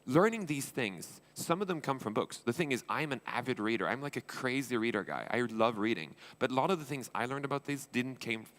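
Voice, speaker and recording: Man, rapid delivery, blunt and informal, conference stage talk. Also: medium pitch, expressive, fairly bright tone. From Sweden. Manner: blunt, informal, acts out dialogues, swears. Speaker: entrepreneur and angel investor.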